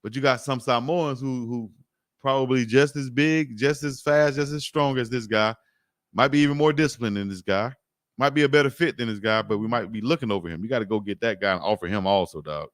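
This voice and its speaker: A man's voice: medium pitch, fairly quick, no room sound, studio quality. A man from Alabama, casually talking sports on a livestream and reading out comments in a laid-back, joking way. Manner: laid-back, joking, chuckles often, repeats himself. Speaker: sports talk host.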